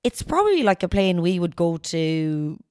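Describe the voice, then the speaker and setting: A woman's voice: fairly low pitch, moderate pace, clear, resonant tone, dry recording, studio quality. An Irish woman telling a story in casual podcast chat, acting out the voices she quotes. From Ireland. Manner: animated retelling with quoted voices. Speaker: podcaster guest.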